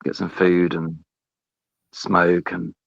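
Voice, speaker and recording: A man's voice: sits low, monotone, takes it slowly, vocal fry, no room sound. Laid-back guy joining a live panel, short replies, muffled dead-dry sound. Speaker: panel caller. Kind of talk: casual chat. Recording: dull dry remote mic.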